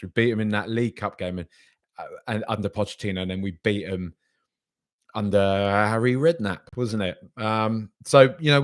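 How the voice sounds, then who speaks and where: Man, rambling podcast host. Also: mid-range voice. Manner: rambling and hesitant, then argumentative and exasperated. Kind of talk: casual live-stream commentary reading viewer comments.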